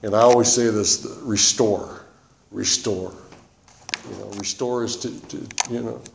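A man's voice: on the low side, fairly even intonation, unhurried, creaky. A man giving a personal testimony in a loose, conversational way, circling back with "you know" and "man". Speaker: speaker sharing his recovery story. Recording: roomy echo with faint noise.

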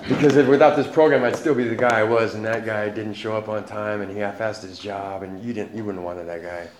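A man's voice: on the low side, steady tone, brisk, roomy sound, slight background noise. A man giving a candid, profane personal testimony at a recovery meeting, laughing often.

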